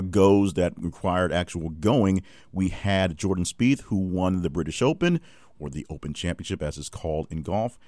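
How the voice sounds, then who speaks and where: A man's voice: deep voice, darkish tone, no echo. A man hosting a news recap podcast, giving wry, offhand commentary with frequent fillers.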